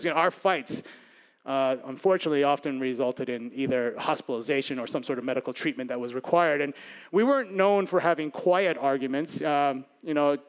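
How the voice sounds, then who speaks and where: Conversational pastor, a man with a higher voice. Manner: conversational, swings between loud emphasis and soft asides. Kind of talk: sermon.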